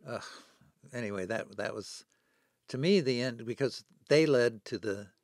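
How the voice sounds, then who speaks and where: Guesting on a podcast, a man in his seventies shares stories in conversation, dramatizing the voices of the people he quotes. His medium-pitched voice is darkish, at a measured pace. The studio-quality recording has no echo.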